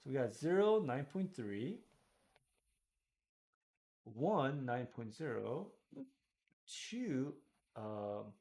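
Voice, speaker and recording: A man's voice: medium pitch, sing-song, extremely slow, long pauses, warm tone. A man teaching a math lesson, thinking aloud as he works through problems and corrects himself, while hiccuping. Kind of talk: screen-recorded math lesson.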